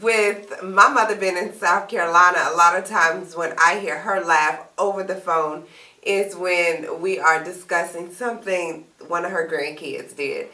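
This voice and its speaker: Woman, casual chat, slow storytelling, bright tone, roomy echo. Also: lowish voice, steady tone. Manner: laughs easily, storytelling. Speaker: co-host. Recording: echoey room, mic at a distance.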